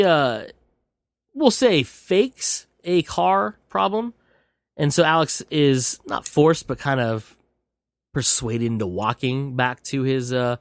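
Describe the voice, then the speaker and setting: A man's voice: mid-range voice, smooth, no room sound, studio quality. A male podcast host giving a rambling, profane, casual movie recap full of digressions.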